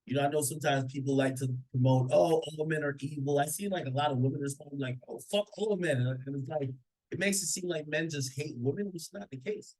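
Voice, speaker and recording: A man's voice: mid-range voice, fast, a little mellow, low-quality recording. A man commenting casually on a played clip, opinionated, often stammering and repeating words. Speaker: reaction commentator.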